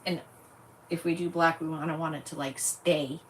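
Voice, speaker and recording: A woman's voice: low voice, steady tone, normal speed, distant mic. A woman chatting casually and thinking aloud while she works on a craft project on a livestream. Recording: voice set back from the mic, faint noise.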